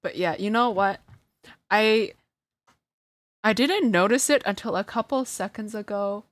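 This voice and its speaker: A woman's voice: mid-range voice, measured pace, dry recording. A woman streamer chatting casually to her live chat, flustered and self-deprecating, often breaking into laughter. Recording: dry close sound.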